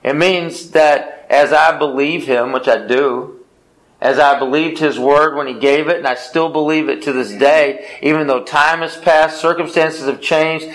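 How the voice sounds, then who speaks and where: A man teaches a small Bible study group in a fairly high voice. He stresses his points by repeating phrases, restarting his sentences and asking questions that he answers himself. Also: fairly even intonation, measured pace, a bit bright, rough recording. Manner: repetitive, emphatic, answers his own questions.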